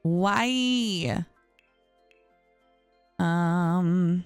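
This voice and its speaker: Woman streamer, low smooth voice, rambling and grumbling at her game, dry close mic. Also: drawn-out words, no echo, faint music behind. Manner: chatty, frustrated, talks to viewers as y'all. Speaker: gaming streamer. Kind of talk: casual gameplay commentary.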